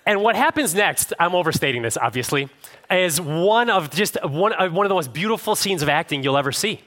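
A male pastor preaching to a congregation with a bright, forceful voice pitched a little high. He tells stories animatedly, dropping low and quiet, then rising up again. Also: fairly quick. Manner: animated storytelling with wide swings in pitch and loudness. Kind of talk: sermon. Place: church room with a live congregation.

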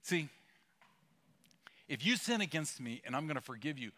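Bright-voiced male pastor preaching. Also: fairly high pitch, lively intonation, moderate pace. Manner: conversational, emphatic, with asides and humor. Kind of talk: sermon.

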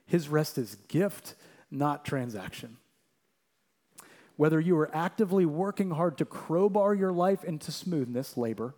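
A young adult man preaching a sermon as a pastor, moving between lively, quick storytelling and quiet, slow, emphatic passages. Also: medium pitch.

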